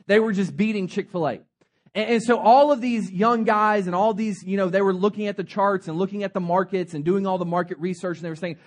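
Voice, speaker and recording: A young man preaching a sermon as pastor, telling stories in a humorous, animated way. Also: sits high. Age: young adult.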